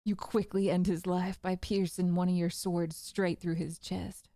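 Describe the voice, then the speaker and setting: A woman's voice: lowish voice, level tone, measured pace, warm tone, dry recording. Brief: woman streamer running a tabletop game, dramatic narration, close dry mic. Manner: dramatic narration, laughs often.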